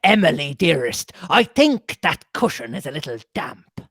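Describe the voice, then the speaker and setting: Reader putting on oily middle-aged husband, mock pirate drawl, slow, smooth, dry. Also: medium pitch, very animated, a bit bright, no room sound, exaggerated voice. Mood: unctuous. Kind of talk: read-aloud comic character voice.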